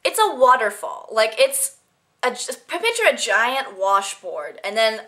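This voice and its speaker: A teenage girl chats to her camera without a script, telling one story after another. Her voice sits a little high and sounds bright and forward. She rambles, laughs easily and keeps it casual. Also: very animated, unhurried. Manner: chatty, giggly, rambling storytelling. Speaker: vlogger. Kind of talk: casual unscripted vlog chat.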